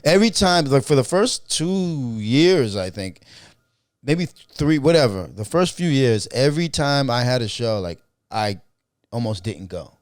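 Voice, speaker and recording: A man's voice: mid-range voice, lively intonation, a little slow, no room sound, clean studio sound. A man hosting a casual chat, swearing freely and laughing often. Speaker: podcast host, comic.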